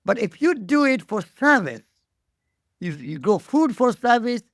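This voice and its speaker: A man's voice: very high voice, big pitch swings, unhurried, fairly bright tone, no room sound, clean studio sound. A man in his eighties from India with an Indian accent, telling his life story as an interview guest, earnest and repeating phrases for emphasis. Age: 80s.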